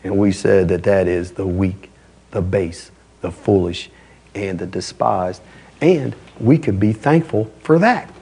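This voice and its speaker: Man, pastor, sermon, gravelly and husky voice, emphatic conversational preaching. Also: sits low, measured pace, mellow.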